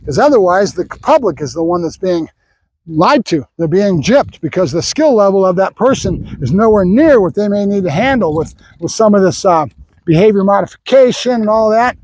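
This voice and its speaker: An older man with a high voice talks through a dog training session for his vlog. He is a professional trainer, opinionated and rambling, and often stops mid-thought to praise the dog. The sound is dry and close, with no room echo. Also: lively intonation, moderate pace, a little mellow. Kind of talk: training vlog with running commentary.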